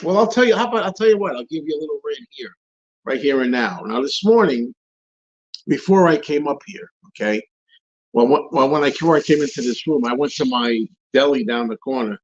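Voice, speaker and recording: A man's voice: mid-range voice, slightly rough, lo-fi sound. A man hosting a live stream, answering viewer questions in casual rambling chat, repeating and restarting his phrases as he rants.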